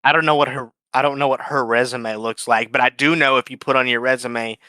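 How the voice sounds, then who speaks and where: A man guesting on a podcast, telling a story in a blunt, profane, animated way and acting out the quotes. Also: quick pace, few pauses, no echo. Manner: animated, acts out quotes with big pitch jumps. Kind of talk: casual storytelling.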